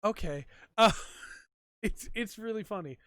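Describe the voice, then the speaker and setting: High-voiced man chatting on a podcast. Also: slow, fairly bright tone, no echo. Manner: chatty and rambling, many ums and likes. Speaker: podcast host. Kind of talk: casual solo chat. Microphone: desk mic for a stream.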